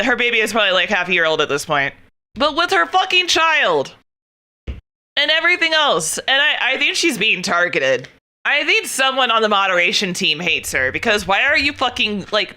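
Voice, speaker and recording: A young adult woman streaming and chatting casually, excitable and laughing often, swearing freely as she talks. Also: fairly high pitch, moderate pace. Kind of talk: casual chat while gaming.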